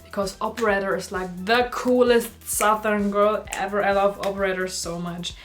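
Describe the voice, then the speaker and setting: A woman's voice: mid-range voice, moderate pace. Young woman gushing over movies in a vlog, super chatty, lots of "like", faint music under it. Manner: gushing, animated, lots of "like" fillers. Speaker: YouTuber reviewing movies. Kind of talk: casual ranking vlog.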